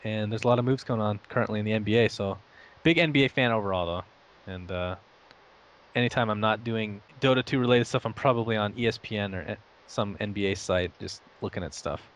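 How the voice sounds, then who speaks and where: A man's voice: lowish voice, a little fast. A young man who grew up in Saudi Arabia and the United States, talking casually as an interview guest. He rambles, pokes fun at himself and laughs often. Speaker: interview guest, esports caster.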